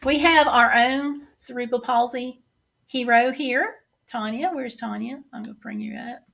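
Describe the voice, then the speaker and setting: Chatty Southern woman with a gravelly voice. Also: on the high side, a little slow, fairly bright tone. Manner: chatty, reads comments aloud and answers them. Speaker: livestream host reading viewer comments. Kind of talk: casual livestream chat.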